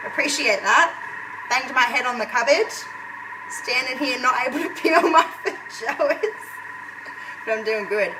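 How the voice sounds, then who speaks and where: Chatty high-voiced woman cooking live. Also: a little slow, long pauses, recorded from a distance, background noise. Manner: chatty, talks to viewers while cooking. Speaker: home cook hosting a live cooking video. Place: home kitchen.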